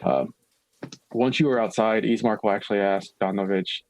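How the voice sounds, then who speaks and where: A man narrating a tabletop game as game master, giving lively scene descriptions. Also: lowish voice, normal speed, no room sound, poor audio.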